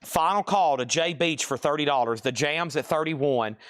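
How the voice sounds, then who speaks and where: A man with a Southern Tennessee accent hosting a live-stream record sale, calling out prices briskly with joking asides. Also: a little high, fairly bright tone, no echo.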